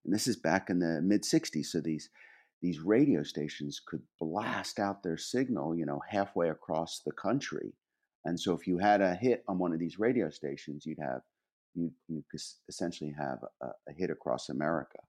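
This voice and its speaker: A man in his fifties telling a long anecdote as a podcast guest, animated, with frequent restarts and laughs. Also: sits low, moderate pace. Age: 50s. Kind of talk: casual storytelling.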